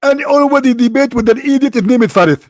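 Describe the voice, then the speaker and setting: A man doing a mocking impression of a preacher addressing an audience, in a high, excited tone. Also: quick pace, no echo, clean studio sound. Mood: preachy.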